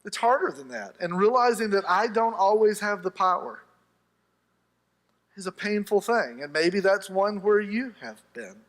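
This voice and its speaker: A male pastor delivers a sermon in a church sanctuary, his voice pitched high for a man. He tells stories with a humorous touch and acts out the voices of the people in them. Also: moderate pace, a bit bright.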